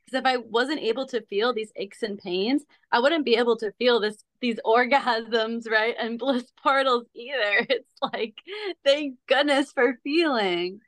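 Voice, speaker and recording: A woman's voice: a little high, unhurried, a bit bright, no echo. Earnest woman telling a story, dry sound. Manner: earnest, emphatic storytelling with laughs. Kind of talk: casual chat.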